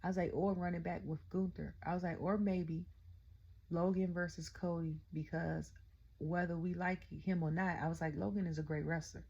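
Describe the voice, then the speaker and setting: A middle-aged woman casually recapping a wrestling event, excitable and chatty, constantly retelling her own reactions. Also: lowish voice, normal speed, gravelly, husky, muffled recording. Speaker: wrestling show reviewer. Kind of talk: casual rant-style recap.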